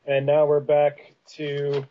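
A podcast host with a Canadian Prairies accent chats casually, rambling with many fillers and restarts. His slightly high voice is completely flat and slow, with the highs cut off, heard over loud music.

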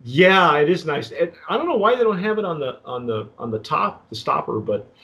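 A man's voice: a little high, very animated, a bit bright, muffled recording. A man hosting a casual tequila tasting chat, rambling and restarting often. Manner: rambling, halting, with many restarts and fillers. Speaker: tequila review host.

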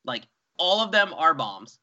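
A young man, co-hosting a casual sports chat, animated and rambling. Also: on the high side, a little slow. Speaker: co-host. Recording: dull lo-fi sound.

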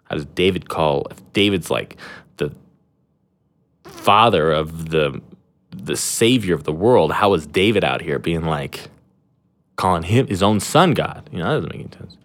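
Deep-voiced man rambling casually. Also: lively intonation, a little slow, fairly bright tone. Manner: rambling, slangy, full of fillers and restarts; irreverent and self-deprecating. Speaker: podcast host. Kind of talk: casual chat.

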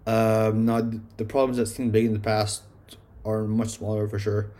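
A man's voice: fairly low pitch, completely flat delivery, moderate pace, warm tone. A man casually reviewing his favorite songs, rambling and swearing, filling his talk with "like". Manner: rambling, swearing, heavy use of "like". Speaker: music reviewer.

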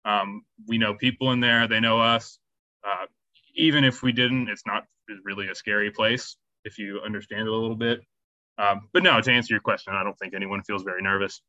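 A man's voice: fairly low pitch, steady tone, fairly quick, pushed and bright, no room sound, dull audio. A man answering interview questions about volunteer work, hesitant, with many ums and restarts. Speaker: charity volunteer.

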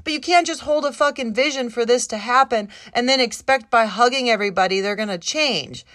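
A woman's voice: fairly high pitch, brisk, a bit bright, no room sound. A woman hosting a solo podcast, talking in an impassioned, rambling way, swearing constantly and at times close to tears. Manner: emotional, near tears at times. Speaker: podcast host. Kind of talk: casual solo podcast monologue.

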